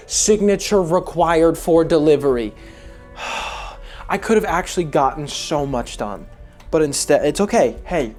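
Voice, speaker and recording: A man's voice: on the high side, a little mellow. Young man, casual home vlogger, over-the-top and self-mocking, cursing freely, faint music behind. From United States. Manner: dramatic, swearing, self-mocking. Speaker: streamer and vlogger. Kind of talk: casual vlog chat. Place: at home, setting up a computer.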